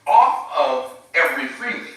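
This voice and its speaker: A man's voice: a little high, very animated, normal speed, a bit bright. A man preaching in a live-streamed sermon, speaking emphatically and putting rhetorical questions to his viewers. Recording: echoey room, voice from far off.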